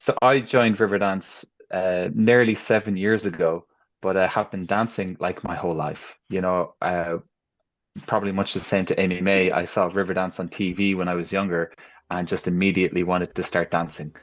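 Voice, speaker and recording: A man with a low, steady voice, talking about his background in a relaxed, easygoing way. His video-call audio sounds dull and lo-fi. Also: moderate pace. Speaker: professional dancer guest. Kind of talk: remote interview answers.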